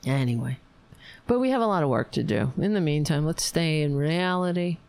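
An overtired woman hosting a livestream, rambling warmly to her viewers and signing off. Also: deep voice, expressive, normal speed, vocal fry, no room sound. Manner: rambling, emotional, talks to viewers. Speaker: livestream host. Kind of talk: casual late-night livestream sign-off.

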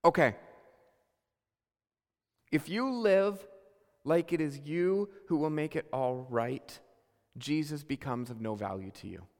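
A man preaching a sermon as pastor, earnest, dropping to soft low asides and rising to emphatic calls. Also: slow, pauses often, big-room sound.

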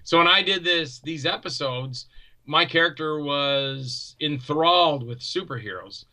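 A man chats as an interview guest in a very bright, slightly high voice. He tells animated, rambling stories and keeps restarting his sentences. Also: measured pace. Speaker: guest, indie actor and filmmaker. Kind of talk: casual interview chat.

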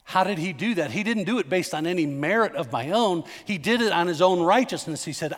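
With a high, expressive voice, a middle-aged pastor preaches briskly with few pauses, his sermon conversational and emphatic. He turns to the congregation with questions and asides, and the recording carries long hall reverb.

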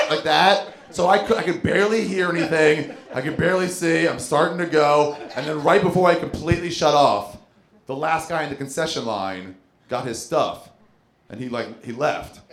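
A man's voice: on the high side, vocal fry. A man telling a story on stage as a stand-up comedian, acting out the voices of the people in it. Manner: animated, acts out voices in his story. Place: comedy club stage with audience. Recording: echoey club with crowd laughter.

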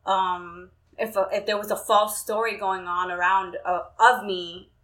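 A woman's voice: mid-range voice, little pitch movement, unhurried, a bit bright, poor audio. A young woman in casual, candid chat who swears freely and acts out quoted conversations.

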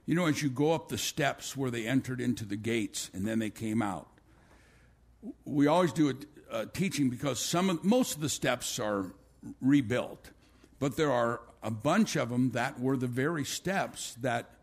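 A man's voice: mid-range voice, lively intonation, measured pace, breathy edge. A male pastor preaching a sermon to his church, telling a long story with many restarts and asides.

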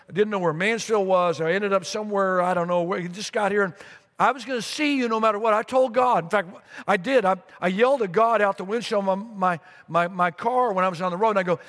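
A middle-aged man preaches from the stage of a church, his fairly high voice carrying a long reverb through the sanctuary. He tells a story with repeated phrases and lively asides, speaking into a stage microphone. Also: fast. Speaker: pastor. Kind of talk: sermon.

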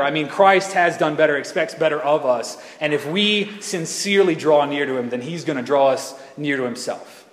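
A male pastor delivers a sermon in a loose, chatty manner, trailing off and correcting himself as he goes. His voice sits a little high for a man. It rings through a roomy church hall with a long echo. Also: normal speed, hardly any pauses. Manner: conversational, rambling, self-correcting. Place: church sanctuary. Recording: echoey hall reverb.

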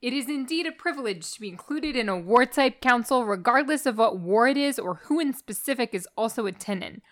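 A woman's voice: fairly high pitch, lively intonation, brisk, voice pushed up, lightly acted. A woman reading aloud in a put-on Long Island accent, voicing a wordy male mobster who narrates in a mock-formal way. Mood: dry, mock-formal.

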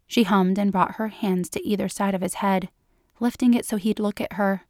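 Woman reading a story slowly, dry sound. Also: medium pitch, steady tone, a little mellow, dry recording. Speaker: narrator. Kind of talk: scripted story narration.

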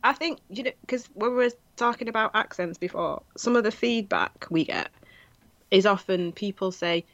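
A woman's voice: medium pitch, normal speed, fairly bright tone, no echo, muffled recording. A woman with a northern English accent co-hosting a podcast, rambling casually and giggling often. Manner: giggly, rambling and self-deprecating. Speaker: podcast co-host. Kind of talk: casual chat.

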